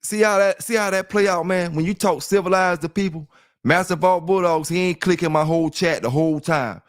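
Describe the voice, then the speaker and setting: This is a middle-aged livestream host whose high voice moves fairly quickly through casual, rambling chat, full of repetition and aimed directly at listeners. It's studio quality audio with no room sound.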